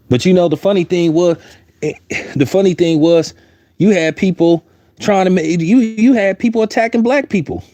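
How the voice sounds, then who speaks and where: A man delivers heated, blunt commentary in a slightly high voice, circling back to hammer his points. The sound is dry and close, with no room around it. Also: dark tone, no room sound. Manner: heated, blunt, repeats himself for emphasis. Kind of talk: opinionated commentary.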